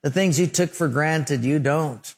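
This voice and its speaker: Storytelling male pastor, slightly high voice. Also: measured pace. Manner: storytelling preacher, acts out scenes and sound effects. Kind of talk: sermon.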